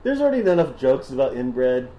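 A man's voice: medium pitch, very animated, fairly quick, mellow, highs cut off. A man from Southern California co-hosting a podcast, a bit drunk, reading folklore notes in a loose, swearing, laughing way. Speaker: podcast co-host.

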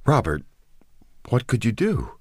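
A man's voice: mid-range voice, wildly swooping pitch, a little slow, husky, no echo, clean studio sound, pitched above the performer's own voice, full character voice. A man reading the lines of a frightened young woman in a storybook reading, her voice shaky and pleading.

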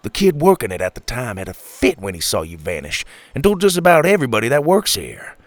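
Brief: nervous hushed man, voiced by a man, quick and anxious. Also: medium pitch, huge pitch swings, dry recording. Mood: urgent. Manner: hushed, hurried.

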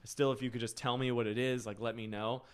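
A man's voice: medium pitch, little pitch movement, fast, clean tone. A young man chatting casually as a podcast guest, telling rambling stories and laughing often.

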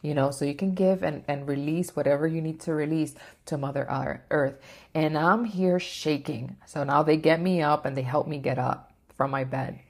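Woman vlogger, low voice, casual filler-heavy storytelling. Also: steady tone, moderate pace, a little mellow. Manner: rambling, filler-heavy, restarts often. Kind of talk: personal storytelling.

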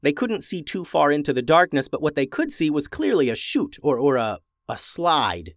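A man reading a children's adventure story aloud, expressive and slowing down for suspense. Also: a little high, no room sound, clean studio sound.

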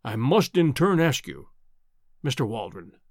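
A man's voice: very animated, a little mellow, no room sound, clean studio sound. A man doing a bulky, bellowing old professor. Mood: defiant. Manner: deep, slow, defiant.

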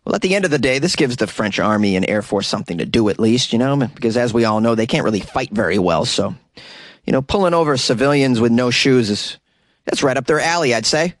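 A man's voice: medium pitch, expressive, fairly quick, no room sound, clean studio sound. A man hosting a comedy news show, reading headlines and cracking sarcastic jokes between them. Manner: sarcastic, jokey asides between read news items. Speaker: comedy news podcast host.

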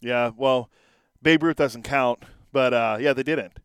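A man's voice: mid-range voice, measured pace, fairly bright tone, smooth, no room sound, clean studio sound. A man co-hosting a sports talk show, chatting casually and agreeably. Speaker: co-host.

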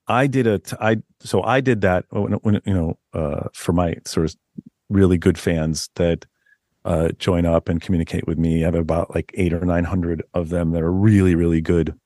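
Low-pitched male author, animated rambling storyteller, dry close sound. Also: no room sound. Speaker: author guest. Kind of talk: casual podcast interview.

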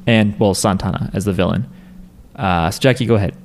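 A man's voice: on the low side, a little fast, darkish tone. A man co-hosting a podcast, leading a loose, profane chat recapping an anime episode. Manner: profane, explanatory, leads the discussion. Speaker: podcast co-host.

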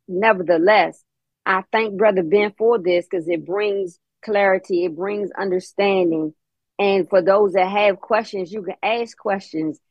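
A woman's voice: fairly low pitch, no room sound, muffled recording. A woman calling in to a group call, speaking earnestly and repeating her key points. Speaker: caller.

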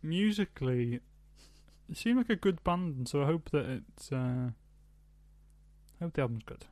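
A man's voice: fairly high pitch, animated, measured pace, darkish tone, dry recording. A man co-hosting a music podcast, talking hesitantly with restarts and trailing thoughts. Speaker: podcast co-host. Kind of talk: casual music chat.

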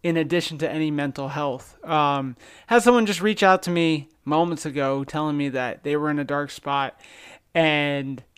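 A man's voice: a little high, normal speed, a bit bright, clean tone. A man hosting a podcast, chatting casually, rambling and telling jokes. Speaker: podcast host. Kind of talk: casual chat.

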